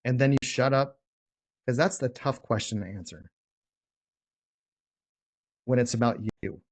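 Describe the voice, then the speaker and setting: A man's voice: medium pitch, unhurried. A man coaching sales negotiation in a casual teaching talk, blunt and emphatic, often restarting his words. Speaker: real estate wholesaling coach.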